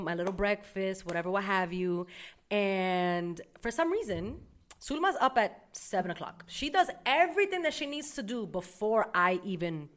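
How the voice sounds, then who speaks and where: A young woman casually telling a story, animated and profane, acting out her mother's lines. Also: mid-range voice.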